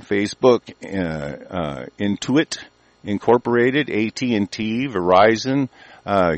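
A man's voice: lowish voice, no room sound. Brief: cursing male host on a political rant, dry sound. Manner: angry, heavily profane, stumbling restarts. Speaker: talk show host. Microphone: conference call line.

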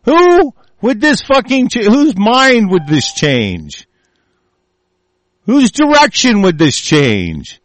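A man's voice: high-pitched, wildly swooping pitch, slow, dry recording. A man from the United States in an angry, profane political rant, full of threats. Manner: furious, profane, shouting threats.

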